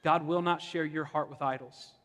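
A young adult male pastor from Ohio preaching in a conversational, impassioned way, slipping into humorous stories about his own life. His voice sits a little high for a man. The sound rings with the long reverb of a church sanctuary. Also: fairly even intonation, moderate pace, fairly bright tone. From Ohio, USA. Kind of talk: sermon.

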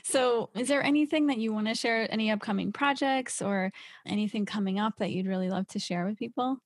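A woman's voice: a little high, fairly quick, no room sound. Woman, podcast host, encouraging questions, dry close mic. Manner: affirming, enthusiastic interviewer. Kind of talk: interview.

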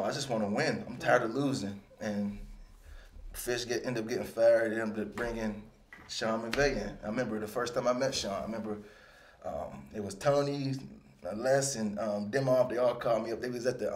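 Relaxed man telling stories in a roomy space. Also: lowish voice, moderate pace, a little hiss or hum. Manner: relaxed, rambling, with animated bursts when quoting himself. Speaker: retired football player, interview guest. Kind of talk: casual storytelling interview. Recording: roomy echo.

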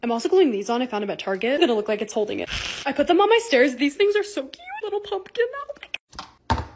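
Brief: young female creator, high voice, quick bubbly delivery, casual vlog voice-over, faint noise behind. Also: expressive. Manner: bubbly, upbeat narration of shopping and decorating. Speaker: lifestyle content creator.

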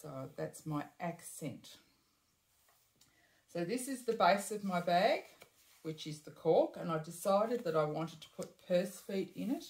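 A woman with a slightly low voice walks through a bag-sewing step in a casual, chatty way, often breaking off to correct herself or add an aside. Her voice carries an echo from the room she is in. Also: lively intonation, unhurried, a little mellow. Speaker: bag-making tutor. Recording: echoey room.

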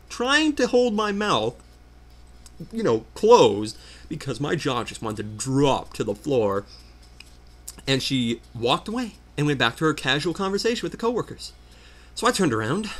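A man doing casual gameplay commentary, telling a story as an animated, exasperated rant. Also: mid-range voice. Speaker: let's player.

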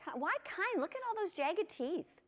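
A woman giving a lively conference talk to teachers, asking her audience lots of questions. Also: very high voice, moderate pace. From United States. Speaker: conference presenter. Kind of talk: lecture to teachers. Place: conference hall.

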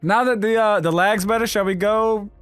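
A man hosting a gaming channel, trading loud, swearing trash talk while playing a fighting game. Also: high-pitched, steady tone, normal speed, smooth, faint music behind. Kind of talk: excited gaming banter.

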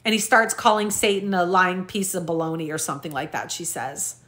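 Brisk and steady, with a lowish but fairly bright voice, this woman hosts a true crime recap. She addresses her viewers directly as "you guys" while casually reading journal entries aloud, often saying um and correcting herself.

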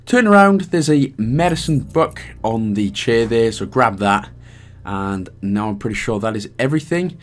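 A man's voice: mid-range voice, lively intonation, moderate pace, hardly any pauses. A man with a Welsh accent giving chatty, rambling, self-mocking walkthrough commentary as a gaming guide host.

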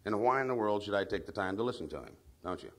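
A man's voice: fairly low pitch, expressive, fast, fairly bright tone. Folksy man training staff at a meeting. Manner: folksy, uses tag questions to the audience; tells anecdotes. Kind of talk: speech at a members' meeting.

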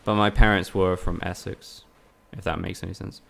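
A man's voice: deep voice, flat delivery, normal speed, gravelly, a bit bright. A young man from Spain, chatting casually with his viewers and swearing freely while he streams a game. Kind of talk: casual live-stream commentary.

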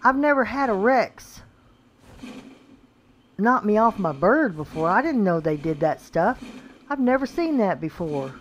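A woman's voice: mid-range voice, a little slow, pauses often, muffled recording. A woman giving casual commentary while playing a video game, exclaiming and talking to her in-game animals. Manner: excitable, exclaims a lot, talks to her pets in the game. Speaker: gameplay video creator. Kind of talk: casual let's-play commentary. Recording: faint background noise.

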